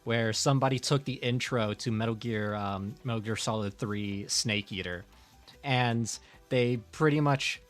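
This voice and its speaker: A man's voice: mid-range voice, a little slow, faint music behind. Rambling, laugh-prone male streamer. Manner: rambling, filler-heavy, laughs often. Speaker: streamer and artist. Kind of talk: casual chat while drawing on stream.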